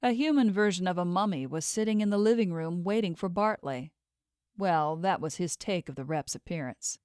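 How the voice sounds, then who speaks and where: A woman reading a novel aloud as an audiobook narrator, in steady, even storytelling. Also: on the low side, moderate pace, clean tone, no room sound, clean studio sound. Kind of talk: scripted narration.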